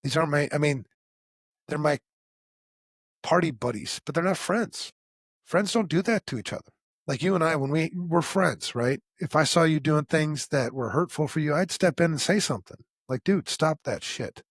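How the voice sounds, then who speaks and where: A middle-aged man tells his own story as a podcast host. His voice is husky and his delivery is blunt and casual, full of profanity. He acts out quoted dialogue as he talks, and the close mic gives a dry, intimate sound. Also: on the high side, normal speed, no echo. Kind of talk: candid conversational storytelling.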